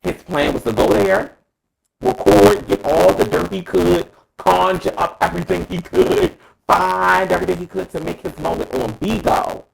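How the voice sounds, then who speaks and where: A man's voice: high voice, normal speed, vocal fry, low-quality recording. A man co-hosting a casual talk show, giving a dramatic, emphatic, profane opinion and calling co-hosts by name. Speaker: co-host.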